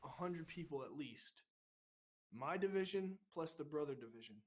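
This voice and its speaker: A man telling a boot camp story on a casual podcast, profane and animated, getting loud when he acts out what he said. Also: a little high, normal speed, breathy edge. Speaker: podcast co-host.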